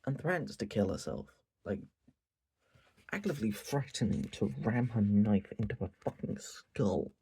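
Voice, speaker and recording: A man's voice: on the low side, moderate pace, vocal fry, slight background noise. A man ranting casually and profanely about a show late at night. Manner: animated, profane, repetitive ranting. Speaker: anime reviewer.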